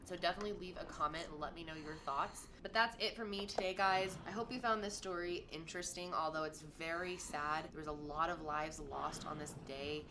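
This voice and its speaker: A woman tells a true-crime story to her viewers in a low-pitched voice, asking one puzzled question after another. Her delivery is conversational and searching. A steady noise floor runs under the recording. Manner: puzzled, questioning, thinking aloud.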